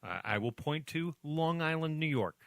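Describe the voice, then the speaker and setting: A man from the United States hosting a casual podcast chat, animated and joking, with casual swearing. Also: fairly high pitch, normal speed, gravelly, no room sound, studio quality. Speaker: podcast host.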